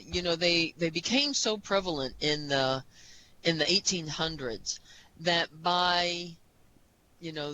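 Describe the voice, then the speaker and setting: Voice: medium pitch, sharp tone, rough recording. A podcast co-host talking casually about history, rambling with many restarts and "you know"s.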